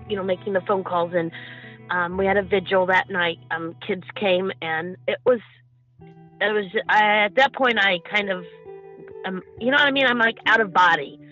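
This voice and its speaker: A grieving mother in an interview, speaking emotionally and haltingly with many pauses and restarts. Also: mid-range voice, bright, forceful tone. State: emotional, holding back tears. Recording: dull lo-fi sound with faint music.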